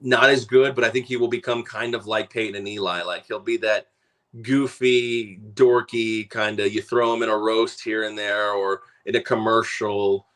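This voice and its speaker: A radio co-host chats casually on a sports talk show, relaxed and rambling, his speech full of fillers like "uh" and "so." He has a lowish voice and a moderate pace.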